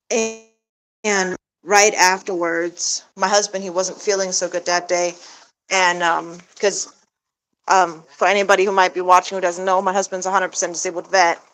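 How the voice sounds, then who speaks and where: Chatty woman rambling with many fillers. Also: low-quality recording. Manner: rambling, filler-heavy, coos at her pet in a high baby voice. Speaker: pet goose owner vlogger. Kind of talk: casual chat to camera. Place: backyard outdoors.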